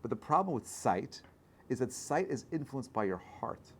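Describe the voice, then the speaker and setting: A rabbi speaks to his class in a lively, conversational way, tossing in quick checks to his listeners. He is a man with a mid-pitched voice, and his talk keeps swelling into loud, emphatic stretches. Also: husky. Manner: conversational, checks in with frequent "right?"; animated, builds to loud bursts. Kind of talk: informal Torah class talk.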